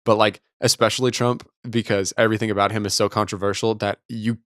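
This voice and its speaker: Podcast dude, mid voice, fast teasing storyteller, laughs a lot, dry close sound. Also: male voice, lowish voice, flat delivery, a bit bright, no room sound. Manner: quick, laughing, teasing talk. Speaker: podcast co-host. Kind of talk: casual chat.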